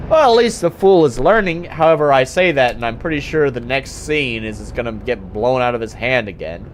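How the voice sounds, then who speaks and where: A man's voice: mid-range voice, lively intonation, brisk, slight background noise. Exasperated, swearing male game streamer. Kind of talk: casual gaming commentary.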